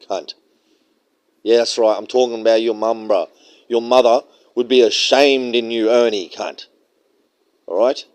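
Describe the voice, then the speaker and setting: Slow, drawling man ranting crudely. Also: darkish tone. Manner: profane, mocking, slow and drawling, mimics others in high jeering tones. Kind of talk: crude reaction commentary rant.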